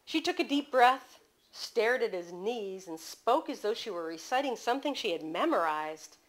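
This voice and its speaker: A woman author reading aloud from her mystery novel at a bookstore, in steady storytelling narration. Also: on the high side, moderate pace, rough recording.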